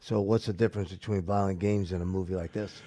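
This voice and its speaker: A man's voice: low-pitched, steady tone, fast, dark tone, dry recording, clean studio sound. A man in a casual talk show chat who chimes in with short questions and agreement.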